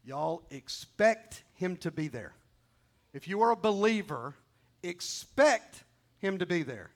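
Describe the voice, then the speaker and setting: A man's voice: high-pitched, sing-song, takes it slowly. A male pastor preaching a sermon, exhorting his listeners with emphatic repetition.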